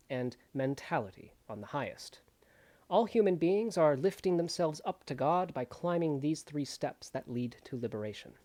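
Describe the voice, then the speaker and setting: An audiobook reader losing their voice and energy, reading a nonfiction text in a plain, steady way with brief asides. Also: medium pitch.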